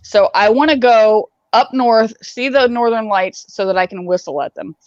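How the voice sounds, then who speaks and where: A woman's voice: fairly high pitch, normal speed, no room sound, highs cut off. A woman co-hosting a podcast in casual chat, playful and chatty. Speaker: podcast co-host.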